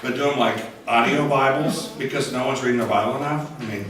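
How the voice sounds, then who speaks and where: A hoarse man with a cold doing chatty, self-mocking stand-up comedy on a conference stage. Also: mid-range voice, fast talker, a bit bright, slight background noise. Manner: chatty, self-mocking, slips into funny voices. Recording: echoey hall from far off.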